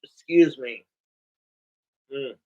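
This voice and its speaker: A man's voice: medium pitch, extremely slow, warm tone, highs cut off. A middle-aged man ranting in a rambling, profane casual vlog, venting to his viewers. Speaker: vlogger. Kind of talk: rambling casual rant to camera.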